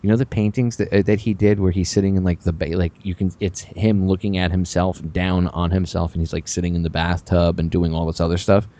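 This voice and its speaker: A man hosting a radio talk show, rambling with sarcastic, animated asides. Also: low voice, brisk, hardly any pauses.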